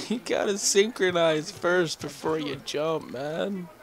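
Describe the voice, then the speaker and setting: A man's voice: a little high, slow pace, vocal fry, slight background noise. A man giving casual, rambling commentary while playing a video game, chuckling and talking back at the game. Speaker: gameplay commentator. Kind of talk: casual let's-play commentary. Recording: voice over loud game music. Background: game music.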